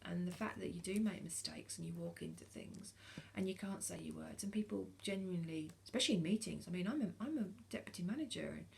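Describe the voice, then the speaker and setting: A woman's voice: on the low side, expressive, fast, vocal fry, few pauses, a little mellow, a little hiss or hum. A British woman in her forties talking casually to camera, frank and earnest, hesitating often with ums and restarts. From United Kingdom. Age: 40s. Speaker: vlogger.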